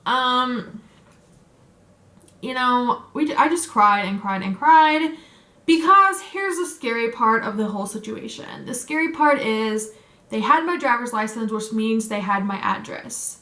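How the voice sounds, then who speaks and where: A young adult woman vlogger tells a story in a chatty, emotional way, full of "like" and "um," in an echoey room. Her high-side voice is bright and forceful, with lively intonation and a slightly slow pace.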